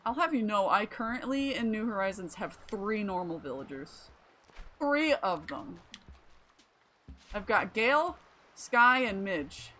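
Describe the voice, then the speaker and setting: A woman's voice: mid-range voice, lively intonation, measured pace, bright, forceful tone. A woman streaming a video game, chatting and rambling casually with the odd swear. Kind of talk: casual gameplay commentary.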